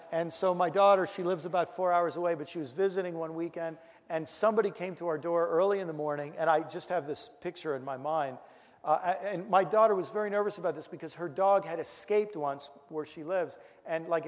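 A middle-aged man, a pastor, giving a lecture full of comic stories, animated and full of restarts. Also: a little high. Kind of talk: humorous storytelling lecture. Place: lecture hall. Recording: reverberant hall.

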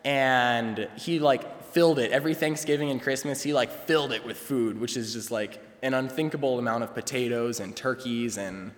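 A man's voice: mid-range voice, moderate pace, few pauses. A young male student telling a personal story at a chapel service, casual and rambling with lots of fillers and restarts. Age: young adult. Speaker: student speaker. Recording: long reverb from a chapel hall.

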